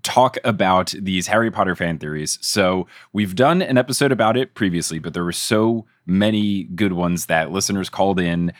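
Low-voiced, upbeat male podcast host. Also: moderate pace, hardly any pauses, no echo, studio quality. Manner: upbeat and easygoing. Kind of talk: casual podcast chat.

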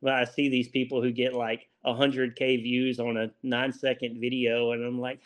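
Forties man, Louisiana accent, easygoing self-mocking guest, mid-pitched voice. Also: flat delivery, moderate pace, few pauses. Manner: laid-back, chuckling, self-deprecating. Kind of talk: casual interview chat.

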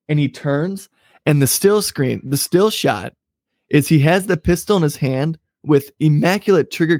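A man's voice: a little high, darkish tone, no room sound, studio quality. A young man co-hosting a podcast, ranting angrily with lots of swearing in casual chat. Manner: angry, profane ranting. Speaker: podcast co-host.

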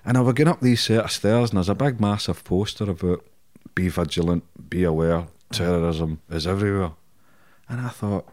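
Casual storytelling comes from a middle-aged interview guest with a Scottish accent whose low voice is a little mellow and moves at a moderate pace. He's blunt and heavily profane, laughing softly through his tales, with no echo on the audio.

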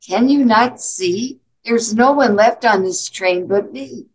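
A woman's voice: a little high, slow, husky, poor audio. A woman voicing a sad little girl left alone on a train, reading from a poem, pleading and tearful. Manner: tearful, pleading, then delighted.

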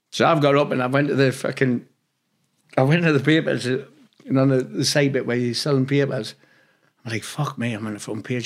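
A man from England, an interview guest, telling loose anecdotes in casual chat, swearing freely and acting out what others said. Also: mid-range voice. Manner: rambling, swears freely, acts out quoted dialogue.

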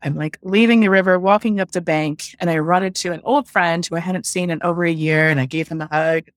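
A woman's voice: on the low side, steady tone, fairly quick, no echo, clean studio sound. A woman working as a love coach, telling her story in a casual interview, chatty and full of "like", acting out her own past thoughts.

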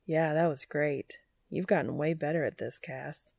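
A woman's voice: sits low, moderate pace, vocal fry, a little mellow, no echo, studio quality. Woman reading as an eager, teasing man. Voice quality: casual and teasing. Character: eager, joking adult man. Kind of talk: audiobook character reading.

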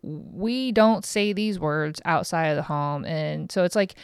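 A woman's voice: low voice, a little slow, smooth, no room sound, clean studio sound. A mother in her thirties hosting a podcast, rambling frankly and swearing casually in a loose, chatty monologue. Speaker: podcast host.

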